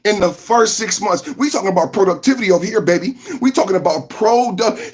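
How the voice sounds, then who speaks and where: Husky-voiced man hyping a livestream. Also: high-pitched, fairly quick, hardly any pauses. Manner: animated, repetitive, shouts to chat. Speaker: podcast host. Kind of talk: livestream reaction commentary.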